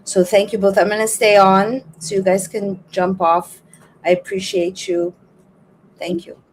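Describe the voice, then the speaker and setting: A woman's voice: medium pitch, measured pace, a little hiss or hum. A woman podcast host closing her show, talking in a rambling, frustrated way with many restarts. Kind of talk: casual show sign-off and appeal.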